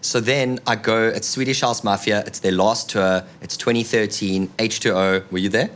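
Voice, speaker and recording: A man in his thirties, a podcast guest telling a long, animated story, rambling with lots of "like" and acted-out quotes. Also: lowish voice, moderate pace. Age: 30s.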